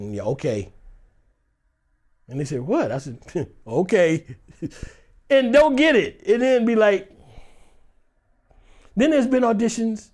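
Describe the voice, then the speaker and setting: Middle-aged man, actor, lively interview storyteller; high, swooping voice with frequent laughs. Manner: animated, laughing, acts out quoted voices.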